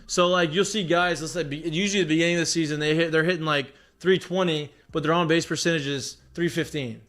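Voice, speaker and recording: A man with a fairly high voice, talking in a relaxed podcast chat. He tells stories animatedly, leans heavily on "like" and swears freely as he vents about baseball. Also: fast talker. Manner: animated storytelling with heavy profanity and filler "like". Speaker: podcast guest, former baseball player. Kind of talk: casual chat.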